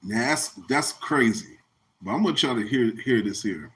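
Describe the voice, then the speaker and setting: A man's voice: mid-range voice, lively intonation, normal speed, fairly bright tone. A man hosting a podcast, talking bluntly and profanely in loose, rambling slang. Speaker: podcast host. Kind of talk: casual commentary.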